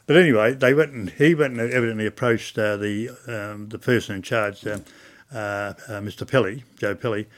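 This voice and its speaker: An older Australian man telling stories in an oral history interview, chatty and animated, acting out old conversations. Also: lowish voice, normal speed. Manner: chatty storyteller, acts out dialogue.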